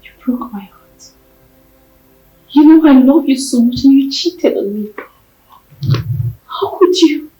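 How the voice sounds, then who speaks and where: A woman's voice: high voice, expressive, slow, long pauses, warm tone, reverberant, dull audio, faint music behind. An actress with a Nigerian accent playing a heartbroken, betrayed wife who accuses her husband. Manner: accusing, tearful. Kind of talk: Nollywood film drama.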